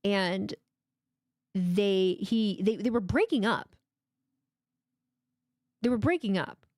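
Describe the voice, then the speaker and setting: A woman in her thirties hosting a live watchalong stream, chatting casually from home in an animated, emotional way, swearing freely and restarting her sentences. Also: medium pitch, takes it slowly, no room sound, studio quality. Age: 30s.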